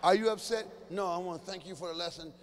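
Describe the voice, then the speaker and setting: A male stand-up comedian riffing with someone in a live audience, teasing loudly and breaking into sudden shouted bursts. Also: high voice, fast. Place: large church hall before a live audience. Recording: reverberant hall with faint ambient noise.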